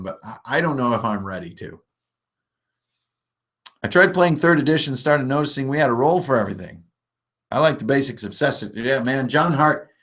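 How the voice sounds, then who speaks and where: A man in his forties hosting a live stream, chatting casually and rambling with jokes and self-mocking laughs. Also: medium pitch. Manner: rambling, jokey, often laughing at himself. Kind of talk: casual live chat about tabletop gaming.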